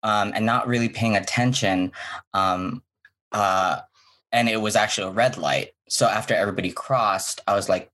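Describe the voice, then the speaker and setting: Giggly low-voiced man telling a story. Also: normal speed. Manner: animated and giggly, laughs mid-sentence; rambling with many fillers and restarts. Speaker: podcast guest. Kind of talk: storytelling on a comedy podcast.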